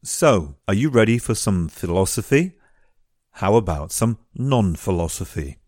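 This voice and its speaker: Low-voiced wry male podcast host. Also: lively intonation, moderate pace, a little mellow, no room sound, clean studio sound. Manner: wry, jokey asides. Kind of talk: podcast introduction.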